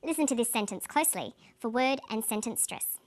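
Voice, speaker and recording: Woman teacher reading a scripted english lesson, clear and careful, voice a bit high. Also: lively intonation, fairly quick.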